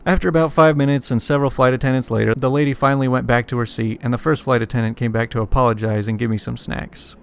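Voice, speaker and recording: A man's voice: medium pitch, creaky, clean tone. A man casually reading online stories aloud and stopping to comment on them. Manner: casual, stops to comment and apologize for the text. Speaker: story reader and YouTuber.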